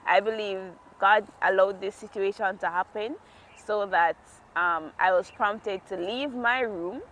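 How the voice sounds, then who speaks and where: Outdoors in a quiet natural setting, a woman vlogger shares a personal faith story, casual and heartfelt, laughing often. Her voice is mid-range and a bit bright.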